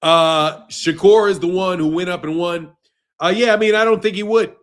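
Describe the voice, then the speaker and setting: The young man has a high voice with a steady tone and moderate pace. He hosts a boxing live stream, laughing, swearing and arguing, exasperated, with viewers' comments.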